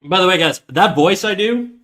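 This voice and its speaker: A man's voice: sits high, expressive, moderate pace, fairly bright tone. A man chatting casually on a livestream while he draws, joking and playfully defiant as he argues with his chat.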